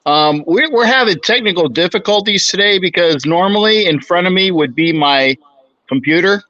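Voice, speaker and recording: Older guy in his 60s, bright crisp voice, chatty n humble, muffled phone audio. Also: high-pitched, animated, normal speed. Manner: humble, chatty, self-deprecating. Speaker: guest. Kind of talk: casual interview chat.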